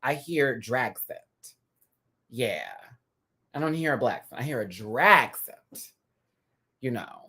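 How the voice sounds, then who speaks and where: A man hosting a casual live review. He talks in a sassy, chatty way, full of drag slang and quick laughs. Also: animated, pushed and bright. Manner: laughs often, dramatic pitch swings. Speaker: host reviewing a TV episode live.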